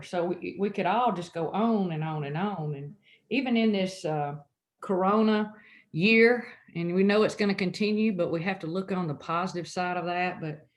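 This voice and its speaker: An earnest co-host talking over a video call, sincere and heartfelt, doubling words for emphasis. The voice sits in a noticeably echoey room. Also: medium pitch. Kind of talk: heartfelt casual sharing.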